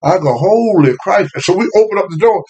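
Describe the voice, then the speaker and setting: An older man, telling family stories in a casual, animated way, often laughing. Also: high voice, rapid-fire, breathy edge. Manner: animated, laughing, Southern US phrasing. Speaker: guest storyteller. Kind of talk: casual storytelling.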